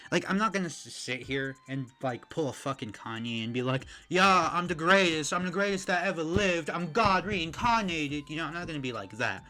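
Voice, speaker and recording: A man's voice: mid-range voice, a bit bright, low-quality recording. A man streaming a reaction, ranting with heavy profanity and mocking the people he criticizes.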